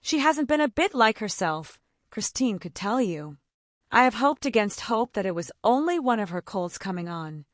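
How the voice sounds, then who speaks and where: A woman's voice: mid-range voice, big pitch swings, moderate pace, no echo, studio quality, voice pushed up, close to an everyday voice. A woman reading the part of a distressed mother who sobs and moans her complaints. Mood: tearful. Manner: moaning, sobbing complaint. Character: tearful, fretful middle-aged mother.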